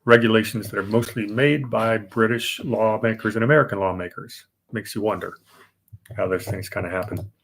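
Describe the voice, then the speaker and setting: Low-voiced man explaining history casually. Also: fairly even intonation, normal speed, gravelly, a bit bright. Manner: conversational, explanatory with frequent fillers and restarts. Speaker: podcast host. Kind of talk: casual history podcast chat. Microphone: remote podcast setup.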